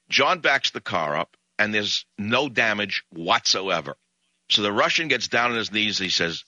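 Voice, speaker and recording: Animated, indignant radio host man. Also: mid-range voice, normal speed, no echo, muffled recording. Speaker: radio talk show host. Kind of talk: radio monologue storytelling.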